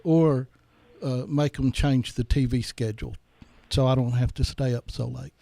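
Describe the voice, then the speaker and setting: A man's voice: medium pitch, steady tone, normal speed, creaky, warm tone, no room sound. A man in his sixties hosting a radio interview, easygoing and joking, with hesitant ums in his casual chat. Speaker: radio host.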